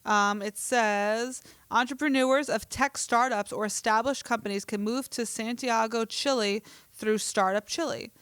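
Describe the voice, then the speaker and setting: Chatty woman podcaster, smooth clear voice. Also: on the high side, steady tone, measured pace, fairly bright tone, dry recording. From New Jersey. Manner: chatty, laughs easily, reads with stumbles. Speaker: podcast co-host. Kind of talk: casual chat, reading an article aloud.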